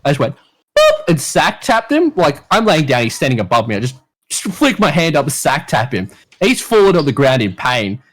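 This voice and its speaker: Lively swearing Australian man telling stories. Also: medium pitch, a little fast. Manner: lively, crude, swears often. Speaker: podcast guest. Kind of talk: casual storytelling.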